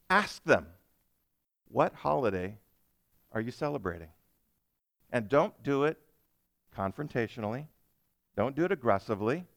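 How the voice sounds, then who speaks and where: Guy preaching a sermon, smooth clear voice, gets loud then soft, keeps asking the church questions. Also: medium pitch, dry recording. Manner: emphatic preaching, rising loud for stress and dropping soft for reflection; asks the congregation questions. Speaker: pastor.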